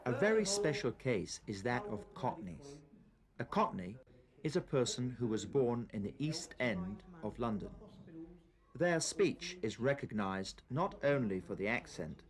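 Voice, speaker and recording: A man narrating a language-lesson programme in a clear, teacherly way. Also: medium pitch, very animated, unhurried, a crowd in the background. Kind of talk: scripted narration.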